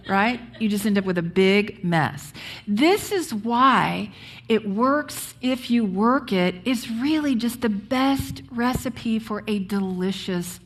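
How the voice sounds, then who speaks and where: A woman pastor giving a conversational sermon, often checking in with her congregation. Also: mid-range voice. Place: church sanctuary.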